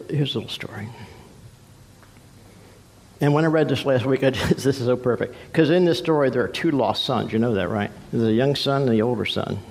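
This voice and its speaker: Casting: male pastor, mid-pitched voice, storytelling sermon in a church hall with a long echo. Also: gravelly, a little mellow. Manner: storytelling, acts out voices with swings in pitch and pace. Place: church sanctuary.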